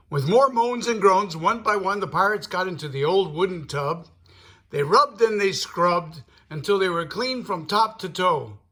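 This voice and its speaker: An older man reads a children's picture book aloud in a slow, playful way. His voice is high and bright. His pitch rises and falls with lively swings. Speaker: storyteller grandfather.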